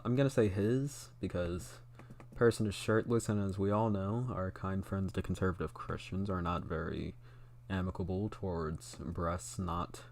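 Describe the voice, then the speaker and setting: Sarcastic young man streaming, low voice. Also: darkish tone, slight background noise. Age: young adult. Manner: sarcastic, mocking, heavy swearing. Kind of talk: casual stream commentary. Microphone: close studio mic.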